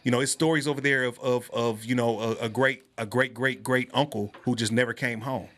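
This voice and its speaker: A man's voice: mid-range voice, steady tone, a little fast, fairly bright tone. An American man hosting a podcast conversation, talking loosely with many restarts and laughs. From United States. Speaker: podcast host. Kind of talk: casual conversational interview.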